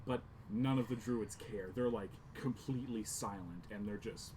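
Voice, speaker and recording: A man's voice: fairly low pitch, normal speed. Casual male game master narrating. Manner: casual, descriptive, many "like" fillers. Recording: background noise.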